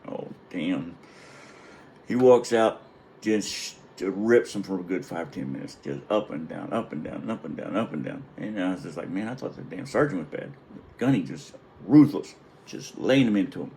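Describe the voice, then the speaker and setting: A man's voice: sits low, lively intonation, moderate pace, warm tone, poor audio. A middle-aged man, a retired Navy chief, telling a wry and profane story in a casual, rambling way. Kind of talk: casual anecdote.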